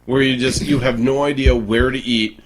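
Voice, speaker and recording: A man's voice: medium pitch, fairly even intonation, normal speed, background noise. A man hosting a podcast in crude casual chat, telling stories in a laid-back way and laughing often. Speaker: podcast host.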